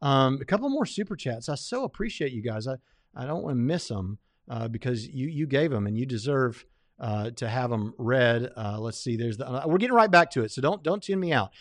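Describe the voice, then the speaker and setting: A man's voice: medium pitch, lively intonation, a little fast, no echo, studio quality. A man hosting a livestream, commenting casually on a debate, rambling with lots of fillers and restarts. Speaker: livestream host reviewing a debate.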